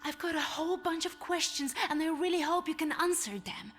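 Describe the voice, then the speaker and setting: Earnest, formal young woman, high pitched. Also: fairly quick, a bit bright, faint music behind.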